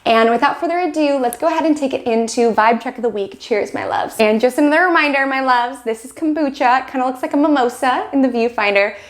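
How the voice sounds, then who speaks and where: A woman's voice: high voice, fast, hardly any pauses. A young woman hosting an astrology show, talking in a bubbly, chatty way and acting out dramatic quotes. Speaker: astrology channel host. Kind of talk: casual chat to camera.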